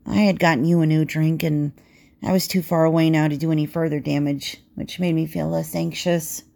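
A woman telling an intimate second-person romance story in a soft voice that slips into whispers. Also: deep voice, fairly even intonation, brisk, creaky.

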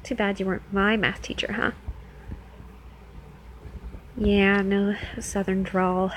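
A woman's voice: mid-range voice, level tone, slow pace, a little hiss or hum, natural voice, rough recording. A woman playing a teasing New Jersey club dancer. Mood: flirty teasing. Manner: playful, teasing, coaxing. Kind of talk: first-person audio role-play.

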